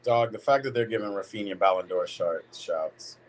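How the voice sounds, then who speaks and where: A man's voice: lowish voice, normal speed, slight background noise. A man hosting a live football watch party, chatting casually in slang and reading out comments from chat.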